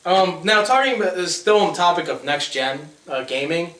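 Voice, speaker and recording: A man's voice: on the high side, expressive, moderate pace, fairly bright tone, recorded from a distance. A young man co-hosting a casual gaming chat, rambling and hesitant with many fillers. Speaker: co-host. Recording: echoey room, away from the mic.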